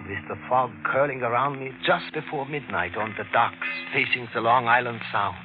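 In a 1940s-style radio drama, an actor plays an earnest, hesitant waiter who narrates and stammers. His mid-range voice sounds close to everyday speech, and the recording is a tinny old broadcast with music.

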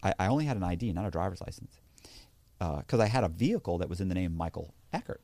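A man telling a long story as a guest. He talks in a halting way, restarting sentences, and acts out what other people said. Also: low-pitched, big pitch swings, warm tone, dry recording. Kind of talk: casual storytelling.

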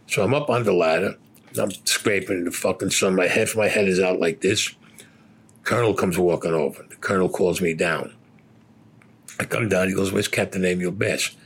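A man's voice: sits low, husky. An older man from Brooklyn, bluntly telling profane stories about his past and acting out the dialogue. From Brooklyn, New York. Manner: blunt, swears constantly, acts out quoted dialogue. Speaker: interviewee. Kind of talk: profane personal storytelling.

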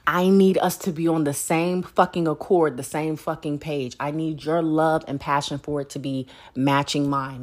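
Brief: woman podcast host, blunt, profane rant, lower voice, laughs a lot. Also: fairly even intonation, unhurried, hardly any pauses. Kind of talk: casual solo podcast rant.

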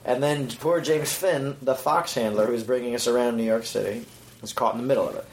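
Guy telling a sweary story over beers in a hotel room, acts out what everyone said, mid pitch. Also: brisk, rough recording. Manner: profane animated storytelling, acts out quotes. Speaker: podcast co-host. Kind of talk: casual chat over beers.

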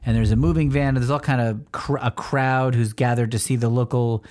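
A man co-hosting a casual podcast, walking through a comic and acting out its lines in quick voices. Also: mid-range voice, steady tone, a little mellow. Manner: retells panels, reading out lines in quick voices. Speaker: podcast co-host. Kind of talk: casual chat about a comic.

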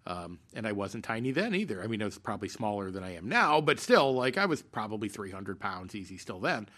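A man's voice: lowish voice, big pitch swings, a little fast, sharp tone. A man telling a long theater story in casual podcast chat, rambling with many fillers and restarts. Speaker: podcast co-host.

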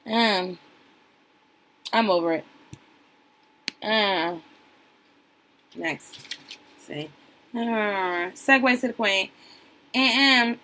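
A woman's voice: mid-range voice, very slow, pauses often, sharp tone, slight background noise, low-quality recording. Sassy woman recapping reality TV. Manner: sassy, chatty, addresses viewers as y'all. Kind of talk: casual reaction commentary.

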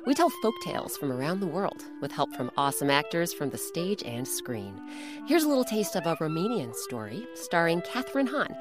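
A woman hosting a kids' story podcast, narrating a folk tale in a lively, expressive scripted way. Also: fairly low pitch, a little fast. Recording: music playing under the voice.

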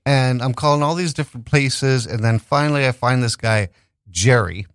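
A man telling a story in casual podcast chat, animated and profane, often restarting his sentences. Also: mid-range voice, moderate pace, no echo, clean studio sound.

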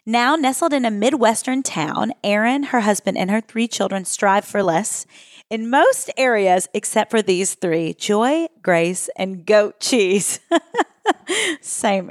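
A woman's voice: mid-range voice, dry recording, clean studio sound. A woman from Kentucky with a Kentucky accent, hosting a podcast in a bubbly, gushing way. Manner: bubbly, gushing, laughs often. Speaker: podcast host. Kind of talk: casual interview chat.

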